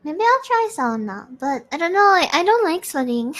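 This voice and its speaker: A woman's voice: sits high, very animated, normal speed, fairly bright tone. A woman chatting casually with her audience, giggling often. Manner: giggly, chatty, frequent laughter. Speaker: streamer hosting a live audio space. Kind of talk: casual chat reading audience comments.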